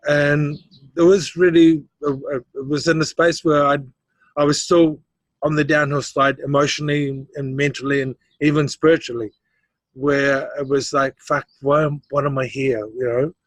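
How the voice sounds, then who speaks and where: A man's voice: a little high, little pitch movement, normal speed, dry recording. A middle-aged man, a guest in a casual interview, telling his life story with animation, acting out the voices of others and laughing often.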